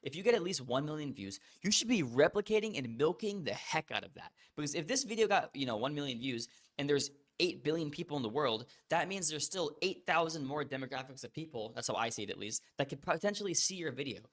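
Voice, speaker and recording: A young man hosting an online course, talking casually and bluntly to the viewer with quick restarts. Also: on the high side, lively intonation, a bit bright. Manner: blunt, fast, repetitive restarts, addresses viewer as bro. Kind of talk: casual direct-to-camera teaching.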